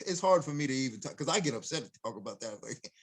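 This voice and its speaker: A man's voice: medium pitch, expressive, fast talker, fairly bright tone, breathy edge. A man talking as a podcast guest, an MMA coach, in casual chat, heated and emphatic, laughing when he gets fired up.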